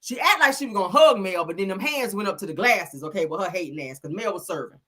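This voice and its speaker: A woman hosting a live stream, recapping a reality show episode in a sassy, blunt, animated way. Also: medium pitch, quick pace. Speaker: host.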